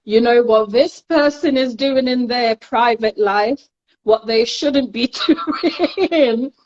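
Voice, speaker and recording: A woman's voice: a little high, takes it slowly, lo-fi sound. A woman from Nottingham with a Nottingham accent, telling stories in a casual chat, laughing often. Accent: Nottingham English. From Nottingham, England. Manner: chatty storyteller, laughs often. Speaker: podcast co-host.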